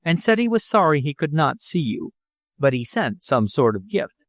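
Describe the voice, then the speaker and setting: A gentle middle-aged mother, mild and informative, as a male narrator voices her. The voice is lively in pitch, dry and close. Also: normal speed, no room sound.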